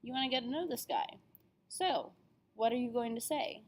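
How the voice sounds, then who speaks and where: A woman's voice: on the high side, moderate pace. A young adult woman teaching an introductory language lesson, upbeat and careful over pronunciation. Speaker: French teacher. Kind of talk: classroom lesson video.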